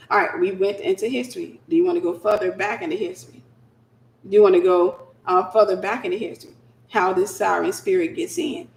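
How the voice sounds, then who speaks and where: A woman giving a lively, conversational Christian teaching, slipping into acted-out scenes. Her mid-pitched voice rings around a roomy, echoing space. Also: brisk, a little hiss or hum. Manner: animated, conversational, acts out scenes. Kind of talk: preaching-style teaching. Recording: roomy echo.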